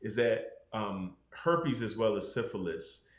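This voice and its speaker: A man's voice: on the low side, expressive, measured pace, roomy sound. A man, a doctor, explaining health matters frankly in a casual podcast conversation. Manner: explanatory, frank, acts out patients' voices.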